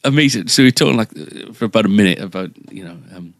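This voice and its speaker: A man with a very low voice tells a story in a loose, casual chat. He rambles and restarts often, mocking himself as he goes. His voice is recorded dry and close, with no room sound. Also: fast talker, creaky, no room sound. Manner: rambling, self-deprecating, many fillers and restarts. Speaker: guitar shop staff member.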